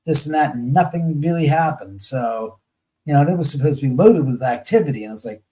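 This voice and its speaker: A man with a somewhat high voice talks in a blunt, salty way, mixing in curses. He gets animated and mimics what other people say. He sounds middle-aged, speaking over a video call. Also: fast, rough recording. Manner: blunt, profane and animated, acting out quoted voices. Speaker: guest. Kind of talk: casual chat.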